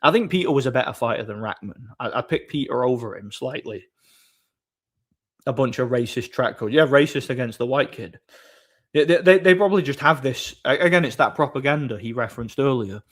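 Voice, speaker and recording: A man's voice: medium pitch, animated, a little fast. Rambling male streamer. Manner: opinionated, rambling, repeats words while thinking. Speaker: streamer host. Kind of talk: casual chat answering viewers.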